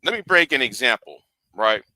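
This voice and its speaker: A man's voice: mid-range voice, very animated, normal speed, sharp tone. A man hosting a livestream rant, lecturing his viewers and often repeating and restarting his phrases. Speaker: livestream host.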